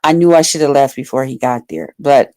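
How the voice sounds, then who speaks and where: A woman's voice: extremely low pitch, brisk, mellow, dry recording. A woman vlogger telling a personal story to her viewers in casual, blunt, profane talk full of fillers.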